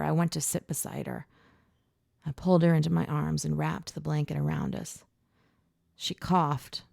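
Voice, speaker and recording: A woman narrating a first-person novel in a measured, steady way. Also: low voice, gravelly, no echo, clean studio sound. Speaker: audiobook narrator.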